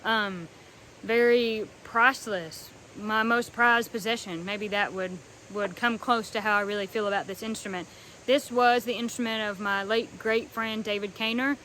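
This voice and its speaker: A young woman from North Carolina talking earnestly and warmly about a treasured fiddle, with soft pauses and frequent ums. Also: medium pitch, steady tone, a little hiss or hum, poor audio. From North Carolina, USA. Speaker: fiddler showing her instrument. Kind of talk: casual heartfelt talk to camera.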